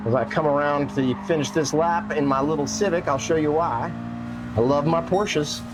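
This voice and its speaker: A man's voice: on the high side, normal speed, noisy background. A man streaming a racing game live, chatting playfully with his viewers and his cats. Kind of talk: casual live-stream chat while gaming.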